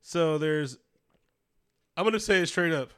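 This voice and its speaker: A man with a slightly higher, smooth and resonant voice, chatting casually on a podcast. He tells stories loosely, swearing freely and laughing often. His delivery is loose and lively, full of asides. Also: measured pace. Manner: profane, laughing storyteller. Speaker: podcast co-host. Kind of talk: casual chat.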